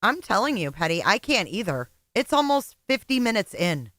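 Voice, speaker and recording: A woman's voice: mid-range voice, sing-song, moderate pace, fairly bright tone, dry recording. A woman hosting a reaction commentary, blunt, sarcastic and profane. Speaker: commentary channel host.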